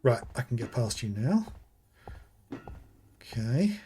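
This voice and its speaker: A man's voice: mid-range voice, big pitch swings, mellow, a little hiss or hum. A man with a British accent streaming a horror game, thinking aloud and reading out items as he plays. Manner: slow, thinking aloud, muttering item names. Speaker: gaming streamer. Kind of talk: live game commentary.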